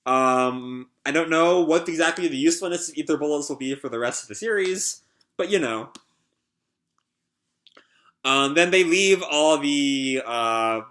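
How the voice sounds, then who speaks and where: A man's voice: mid-range voice, a bit bright. A man reading a manga chapter aloud and reacting live, chatty, with frequent fillers and laughs. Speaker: online video creator reacting to a manga.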